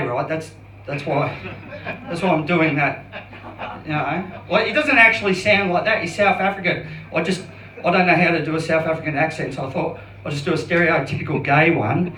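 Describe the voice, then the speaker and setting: A man around fifty doing an open mic stand-up set, self-deprecating and halting, with many restarts. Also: on the high side, sharp tone, distant mic, a little hiss or hum. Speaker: stand-up comedian. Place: comedy club stage. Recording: roomy club sound from off mic.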